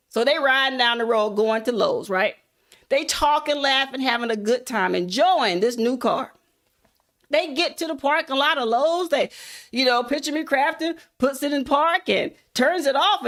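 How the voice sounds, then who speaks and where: A woman's voice: high voice, fairly bright tone. A woman giving a motivational talk through a folksy, casual story, speaking straight to her listeners. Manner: folksy, addresses listeners as y'all. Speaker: content creator, motivational speaker.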